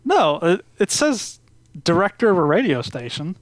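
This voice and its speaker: A man's voice: sits high, big pitch swings, normal speed, dry recording. A man co-hosting a casual podcast, making wry joking asides. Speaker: podcast co-host. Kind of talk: casual chat.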